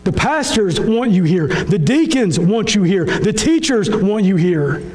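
A pastor preaching a sermon with impassioned, repetitive phrasing that swings between soft low lines and raised high ones. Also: male voice, expressive, unhurried, poor audio. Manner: impassioned, repetitive preaching with sudden drops and rises in pitch.

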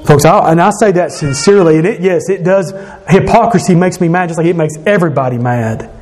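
A man's voice: on the high side, brisk, a little mellow. A man, a pastor, preaching an earnest and emphatic sermon in a conversational way, often restarting and correcting himself as he goes.

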